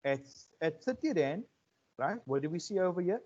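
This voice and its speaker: A man giving a relaxed economics lecture, often checking in with his students. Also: a little high, moderate pace. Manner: conversational, checks in with 'right?' and 'okay?'. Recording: muffled lo-fi audio.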